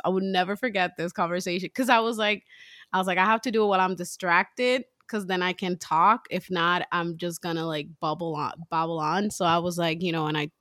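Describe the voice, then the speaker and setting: A woman's voice: on the low side, a bit bright, dry recording, clean studio sound. A woman in her thirties, a mother and co-host, chatting casually and acting out quoted lines as she tells a story.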